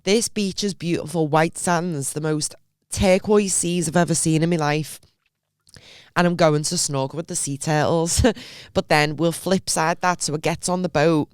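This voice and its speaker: Podcast co-host: young woman, low smooth voice, dry close sound, animated storyteller. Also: normal speed, no room sound. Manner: animated storyteller, acts out her own reactions. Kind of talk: casual chat.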